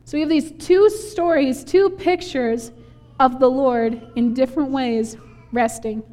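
A woman preaching a sermon, telling the story in an animated, conversational way. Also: sits high, a little slow. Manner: animated storytelling, acting out quoted voices with laughs. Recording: long hall reverb.

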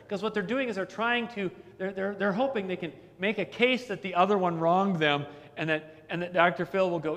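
A man's voice: high-pitched, fairly quick, few pauses, fairly bright tone. A middle-aged man, a pastor, preaching a chatty sermon, telling anecdotes and repeating words as he builds each point. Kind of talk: conversational sermon. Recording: long hall reverb.

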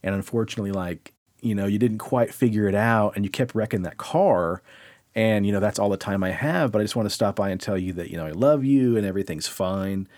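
A gentle old grandmother speaks softly and kindly, as a man puts her on in a story. Her voice stays low-key and reassuring, close to his own. The sound is dry and close to the mic. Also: fairly quick, no room sound, lightly acted. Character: gentle, loving grandmother from a dream.

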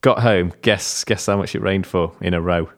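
A man's voice: low-pitched, normal speed. A man co-hosting a casual podcast, telling stories in a dry, sweary way. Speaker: podcast co-host. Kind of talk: casual chat.

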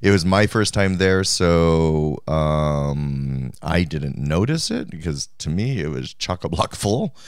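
A man co-hosting a podcast in casual chat, tired and slow to laugh. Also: very deep voice, animated, clear, resonant tone, no echo, clean studio sound. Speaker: podcast co-host.

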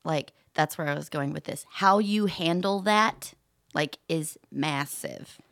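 A woman's voice: low voice, takes it slowly, vocal fry, a bit bright, no echo, clean studio sound. A woman co-hosting a podcast in casual chat, talking in a frank, matter-of-fact way. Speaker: podcast co-host.

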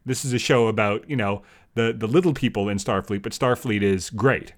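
A man's voice: lowish voice, fairly quick. A man co-hosting a podcast, chatting casually and rambling through an episode with lots of restarts, often asking his co-host questions.

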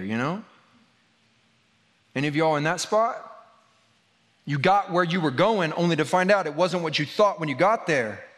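A man preaching a conversational sermon, moving between loud emphasis and hushed, quiet passages. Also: fairly high pitch. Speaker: pastor. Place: church hall. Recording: long church reverb.

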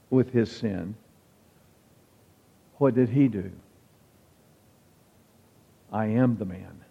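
A man's voice: mid-range voice, husky. Man preaching in an echoing hall. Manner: conversational, wry preaching with quoted examples. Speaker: pastor. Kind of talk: sermon. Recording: dull sound with long hall reverb.

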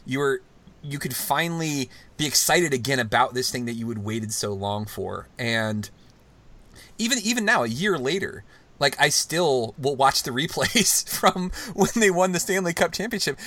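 A man hosting a casual podcast, talking at length and with strong feeling, swinging from excited outbursts to hushed, tender stretches. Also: mid-range voice, normal speed. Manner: long-winded, emotional, swings from excited to hushed. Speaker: podcast host.

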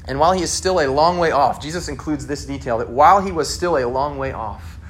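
A man's voice: on the high side, a little fast, fairly bright tone, slight background noise. A man preaching a sermon in a casual, conversational way, acting out the people he quotes. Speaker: pastor.

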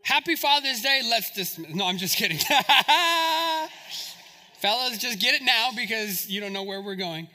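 A man's voice: very high voice, expressive, a little slow, bright, forceful tone. A male pastor preaching a sermon, with humorous, conversational asides to the congregation.

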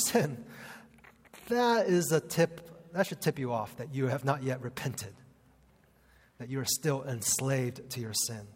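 Earnest preacher in a reverberant hall. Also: male voice, fairly high pitch, husky. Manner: conversational, earnest, uses casual fillers. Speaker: pastor. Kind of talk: sermon.

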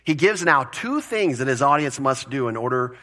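A man preaching a conversational sermon as pastor, plain-spoken and animated, with joking asides. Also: mid-range voice, normal speed.

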